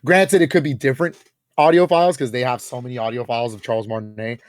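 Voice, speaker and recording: A man's voice: medium pitch, no room sound, clean studio sound. A young man co-hosting a podcast, talking casually and with lots of energy, his speech full of fillers and laughs. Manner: animated, lots of filler words and quick laughs. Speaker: podcast co-host. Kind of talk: casual chat.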